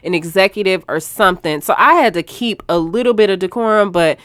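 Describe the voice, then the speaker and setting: A young woman co-hosting a casual podcast, telling stories loudly and with lots of profanity. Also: animated, brisk, no room sound, studio quality. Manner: loud, profane storytelling with big pitch jumps. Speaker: podcast co-host. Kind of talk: casual chat.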